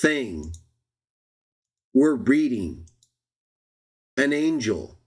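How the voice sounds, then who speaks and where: A man's voice: mid-range voice, sing-song, very slow, breathy edge. Male Bible teacher on a live stream, mid-range voice, argues his case with pointed questions to the audience. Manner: argumentative, addresses viewers as everybody, rhetorical questions. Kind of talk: live Bible study lecture.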